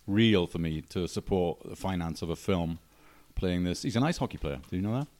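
Welsh bloke, lowish voice, earnest and keen, casual chat. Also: male voice, brisk, darkish tone. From Wales. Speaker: filmmaker.

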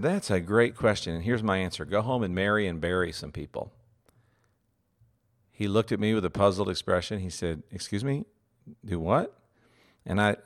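Earnest lower-voiced man lecturing on leadership. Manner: earnest, repeats phrases for emphasis. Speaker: seminary president teaching leadership.

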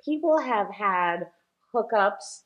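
A woman's voice: medium pitch, lively intonation, slow, highs cut off. A woman guest in a casual interview, a shop owner talking chattily with many fillers and easy laughs.

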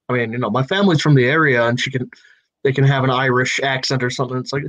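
A man's voice: medium pitch, quick pace, a bit bright, rough recording. A man in a casual creative brainstorm, thinking aloud and laying out plot ideas step by step. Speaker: writer in a story brainstorm.

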